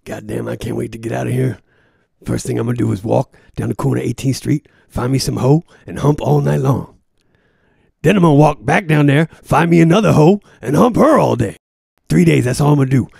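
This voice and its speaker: A man voicing a brash, tough-talking male convict with loud slangy street talk. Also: medium pitch, brisk, vocal fry, slightly rough, dry recording, studio quality.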